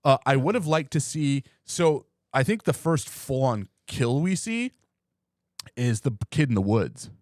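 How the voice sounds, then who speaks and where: A man's voice: medium pitch, very animated, no room sound, clean studio sound. A man co-hosting a casual movie podcast, riffing crudely and joking around. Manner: joking, crude, quick riffing with put-on voices. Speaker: movie review podcast co-host. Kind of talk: casual comedic movie chat.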